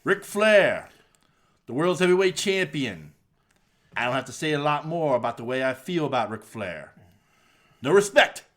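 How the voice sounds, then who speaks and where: A man doing an impression of a brash, boastful male pro wrestler, with a slow, drawn-out, preacher-like delivery. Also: a little high, sing-song.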